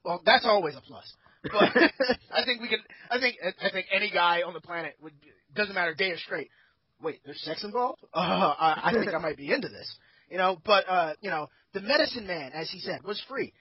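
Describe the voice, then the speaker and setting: A husky-voiced man holds court in a casual group chat, rambling and opinionated and cursing freely. The sound is dull and lo-fi. It's bone dry, with no room around it. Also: sits high, lively intonation, moderate pace, dry recording. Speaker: podcast host.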